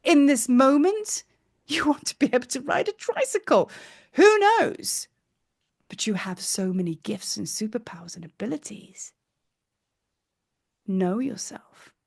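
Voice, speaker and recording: A woman's voice: high voice, animated, unhurried, gravelly, pauses often. Soothing woman guiding a meditation. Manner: soothing, dreamy, lightly rambling. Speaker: meditation teacher. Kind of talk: guided meditation narration.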